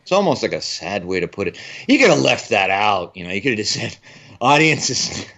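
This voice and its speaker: A man's voice: on the low side, very animated, quick pace, creaky, fairly bright tone, highs cut off. A man co-hosting a film podcast in casual chat, wry and rambling as he tells stories. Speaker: podcast co-host.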